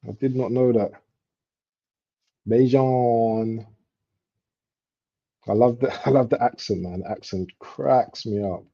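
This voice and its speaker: A young man chatting casually while he streams a football match live. He talks in street slang and breaks into excited outbursts at near misses. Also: medium pitch, a little fast, vocal fry, hardly any pauses, breathy edge. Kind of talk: casual live commentary chat. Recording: dull lo-fi stream audio.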